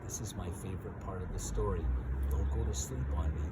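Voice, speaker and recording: A man's voice: sits low, fairly quick, heavy background noise. A man teaching a pre-K class, telling a story with big gestures and acted voices. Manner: animated, acts out voices and gestures. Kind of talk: storytelling lesson for young children.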